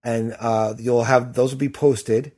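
A man's voice: mid-range voice, steady tone, a little slow, a little mellow. A middle-aged man hosting a podcast in casual chat, rambling with lots of fillers and restarts. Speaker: podcast host.

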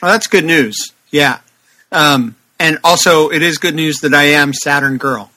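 Man, slightly high voice, bright tone, casual comics podcast co-host, wry. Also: unhurried, low-quality recording. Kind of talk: casual chat about comics.

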